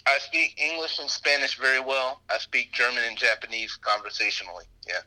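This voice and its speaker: A man's voice: mid-range voice, fairly even intonation, fairly quick, pushed and bright, rough recording. A man chatting casually as a podcast guest, rambling with lots of fillers and restarts. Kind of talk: casual conversation.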